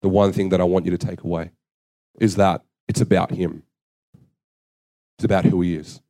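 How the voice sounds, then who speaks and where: A man's voice: low-pitched, little pitch movement, normal speed, pauses often, warm tone. A young man preaching a sermon, earnest and conversational, telling stories against himself. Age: young adult. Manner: conversational, earnest, self-deprecating storytelling.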